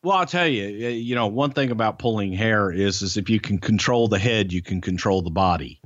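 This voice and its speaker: A man's voice: fairly low pitch, a little fast, no room sound, highs cut off. Blunt, folksy podcast man. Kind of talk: casual storytelling chat.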